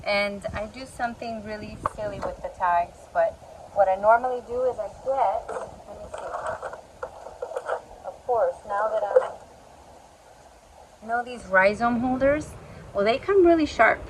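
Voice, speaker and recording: A woman's voice: medium pitch, moderate pace, background noise. A woman chatting enthusiastically to her viewers as she shows a hobby project outdoors. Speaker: orchid vlogger. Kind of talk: casual chatty demonstration. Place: outdoors in the sun and wind.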